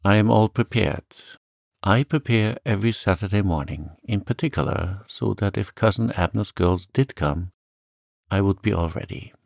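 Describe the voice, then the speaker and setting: A man's voice: fairly low pitch, normal speed, creaky, darkish tone, dry recording, studio quality. A man voicing a lonely, sweet little old lady who talks in a chirpy, eager, fluttery way.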